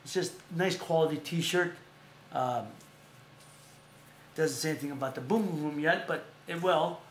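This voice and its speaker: A man's voice: a little high, a little slow, a bit bright, slight background noise. A man hosting a casual talk show, rambling and repeating himself as he plugs sponsors. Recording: echoey room.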